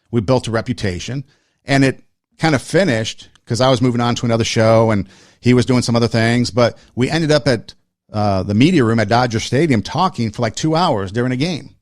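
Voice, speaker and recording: A man's voice: mid-range voice, fairly quick, dry recording, clean studio sound. A man hosting a podcast, telling a personal story in casual talk, earnest and repeating phrases for emphasis. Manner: talks in short listing phrases. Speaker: podcast host.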